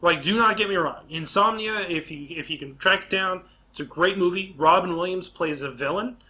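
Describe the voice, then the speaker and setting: A man's voice: sits high, normal speed, sharp tone. A young man hosting a casual podcast, rambling enthusiastically about films with many restarts and fillers. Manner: rambling, restarts often, enthusiastic film fan. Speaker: podcast host. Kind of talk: casual chat.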